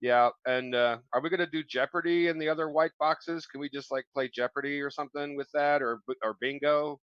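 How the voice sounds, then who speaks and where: A man's voice: a little high, fairly even intonation, a little fast, no echo, dull audio. An older man chatting as a guest on a livestream, rambling and easygoing. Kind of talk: casual livestream banter.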